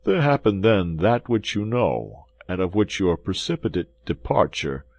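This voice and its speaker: A man's voice: sits low, very animated, a little slow, voice pushed up, heavily acted. A man voicing a frightened innkeeper who pleads in a trembling, pitiable voice. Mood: anxious.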